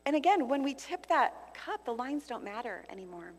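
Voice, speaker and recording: High-voiced woman preaching in a hall. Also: moderate pace. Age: 50s. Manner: expressive, swings from loud declarations to hushed asides. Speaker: conference speaker. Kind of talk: sermon. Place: large conference hall. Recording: long hall reverb.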